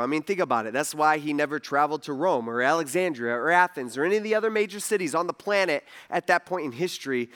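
A man's voice: sits high, fairly bright tone. A man preaching a casual sermon in a conversational way, full of asides and rhetorical questions. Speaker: pastor.

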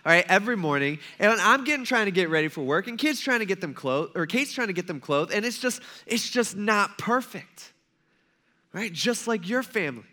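A man's voice: high-pitched, sharp tone. A man in his thirties preaching a sermon in a humorous, conversational way, acting out little scenes. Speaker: pastor.

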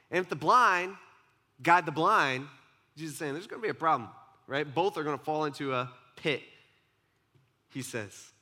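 Male pastor, conversational sermon, slightly high bright voice, playful asides. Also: normal speed. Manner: conversational, acts out quoted voices, many asides. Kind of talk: casual sermon.

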